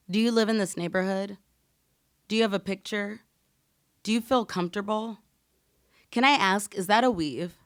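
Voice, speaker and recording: A woman poet reading her poems aloud in a measured, deliberate way. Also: mid-range voice, no echo, clean studio sound. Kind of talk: live poetry reading.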